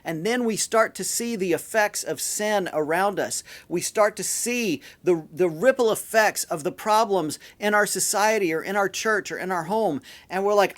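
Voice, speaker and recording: A man with a fairly high voice preaches a church sermon. He talks in a loose, chatty way and retells the story as he goes. He often restarts and repeats words while he finds the next thought. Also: moderate pace, few pauses, a bit bright. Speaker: pastor.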